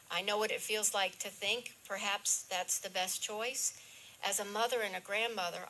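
An older woman, a grandmother, telling a personal spiritual story to an audience in a slow, earnest way that drops to a soft hush at reflective moments. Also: mid-range voice. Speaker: guest speaker.

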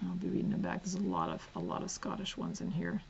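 A woman's voice: lowish voice, sing-song, fast talker, creaky, lo-fi sound, a little hiss or hum. Chatty, giggly book-haul woman. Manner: chatty, giggly, drifts into soft whispers while reading spines. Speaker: book vlogger. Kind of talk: casual book haul vlog. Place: home.

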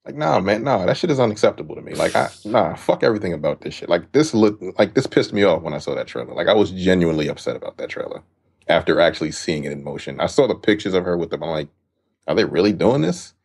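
Male podcast co-host, low gravelly husky voice, heated and profane, lively pitch. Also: fast talker. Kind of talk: casual film podcast discussion.

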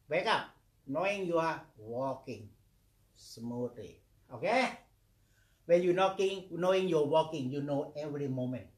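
A man who is a meditation teacher monk, giving a dharma talk in simple English, repeating words in rhythmic chains and often asking "okay?". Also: fairly high pitch. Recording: echoey room.

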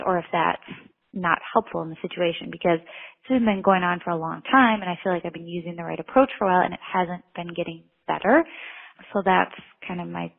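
A woman's voice: on the low side, vocal fry, breathy edge. A woman in her thirties, a mother of two, calling in to earnestly explain a struggle with her child. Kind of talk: call-in question. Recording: tinny phone line.

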